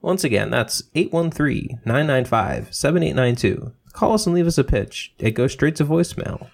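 Male podcast co-host, mid pitch, gravelly, playful banter. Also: lively intonation, moderate pace, darkish tone. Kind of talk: casual chat.

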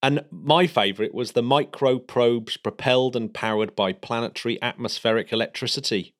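A man co-hosting a podcast, chatting excitedly about space news with plenty of fillers and restarts. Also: medium pitch, moderate pace. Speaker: podcast co-host. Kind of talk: casual space news chat.

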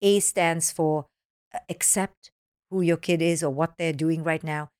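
A woman being interviewed as a parenting author, with a fairly low voice. She talks animatedly and slips into children's voices when quoting them. The recording is dry and close. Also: fairly even intonation, unhurried, darkish tone, clean tone, dry recording. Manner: explains with acronyms. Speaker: parenting author, podcast guest. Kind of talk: podcast interview.

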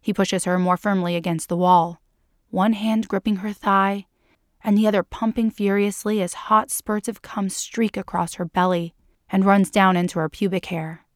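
A woman reads a story aloud with a calm, unhurried delivery. Her voice sits at a middling pitch, and the recording is dry and close, with no room sound. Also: no room sound. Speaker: podcast narrator.

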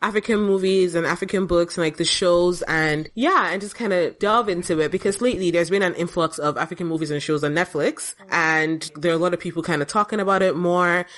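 A woman's voice: on the low side, a little fast, few pauses, a bit bright. Rambling woman podcast co-host. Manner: rambling, filler-heavy, laughs easily. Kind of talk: casual chat. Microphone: podcast microphone.

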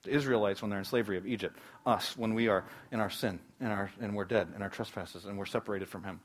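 Fast-talking male preacher. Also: lowish voice, fairly even intonation. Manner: emphatic, swings between loud preaching and hushed asides. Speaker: pastor. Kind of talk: sermon.

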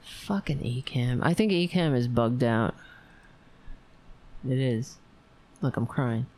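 An overtired woman hosting a livestream, rambling warmly to her viewers and signing off. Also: very deep voice, expressive, takes it slowly. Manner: rambling, emotional, talks to viewers. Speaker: livestream host. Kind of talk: casual late-night livestream sign-off.

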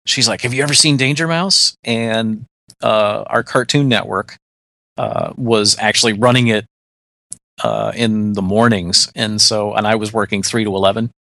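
A man's voice: fairly low pitch, fairly even intonation, gravelly, a bit bright, no echo, clean studio sound. A man co-hosting a podcast, chatting in an easygoing way with frequent laughs. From United States. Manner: easygoing, laughs often, halting restarts. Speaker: podcast co-host. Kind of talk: casual chat.

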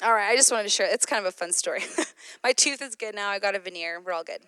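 A woman giving a sermon, mixing a personal story with scripture, animated and laughing often. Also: medium pitch, fast talker, smooth, dry recording. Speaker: women's ministry speaker.

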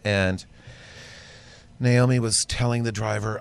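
A man co-hosting a podcast, telling a lively story in casual chat. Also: on the low side, moderate pace. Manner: animated storyteller, acts out quoted dialogue. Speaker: podcast co-host.

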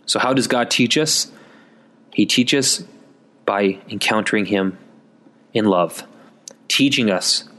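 A man's voice: fairly low pitch, a bit bright. A man giving a conversational Catholic Advent sermon in a folksy, chatty way, calling listeners folks. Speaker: Catholic preacher.

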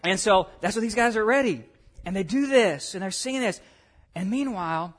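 Man, pastor, sermon, animated, loud-to-hushed swings, conversational asides, fairly high voice. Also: moderate pace. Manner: conversational asides and check-ins with the congregation.

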